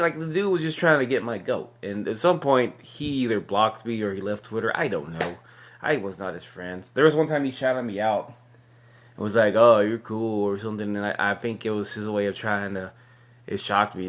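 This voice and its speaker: A man's voice: mid-range voice, fairly bright tone. A man, hosting his own show and ranting angrily, swearing heavily as he talks. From Texas. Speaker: podcast host. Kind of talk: angry ranting monologue.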